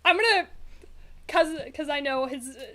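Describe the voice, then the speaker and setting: A woman's voice: high voice, expressive, moderate pace, sharp tone. A woman playing a tabletop role-playing game, giggly and playful as she describes her character's actions. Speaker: player. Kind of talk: casual tabletop role-play.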